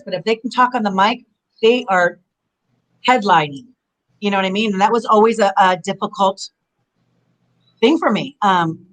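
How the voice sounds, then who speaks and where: A middle-aged woman in a casual video-call interview, rambling from one story to the next with plenty of energy. Her voice sits at an ordinary pitch for a woman. She talks loosely, with lots of fillers and quick asides. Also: low-quality recording. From Southern California. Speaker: interview guest, former wrestler.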